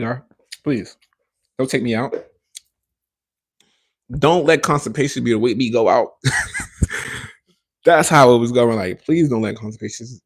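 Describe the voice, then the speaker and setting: Male podcast host, gravelly, mid-pitched, loose rambling livestream chatter with slang and swearing. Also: a little hiss or hum. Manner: rambling, emphatic, frequent restarts; slangy and profane. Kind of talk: casual livestream chat.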